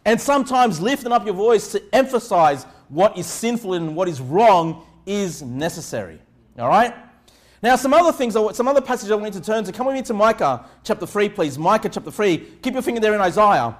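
A man preaching a sermon as pastor, moving from calm teaching to loud shouted emphasis and often checking in with "all right?". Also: sits high, brisk. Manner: repeats "all right?" and "okay?" to the congregation.

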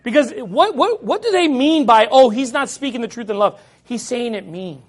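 A man with a very high speaking voice delivers a sermon. He preaches forcefully, raising his voice, and mimics his critics with mocking tones. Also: lively intonation, normal speed. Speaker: pastor.

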